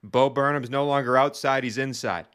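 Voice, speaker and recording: A man's voice: mid-range voice, fairly even intonation, normal speed, fairly bright tone, smooth. A man hosting a casual sports podcast who gives his opinions firmly and hands the floor to his co-hosts. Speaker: podcast host.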